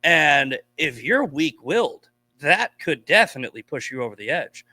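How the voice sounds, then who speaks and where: A man's voice: a little high, big pitch swings, normal speed, bright, forceful tone, no echo. A man from Boston, a podcast guest, telling stories in blunt, profane casual chat. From Boston, USA.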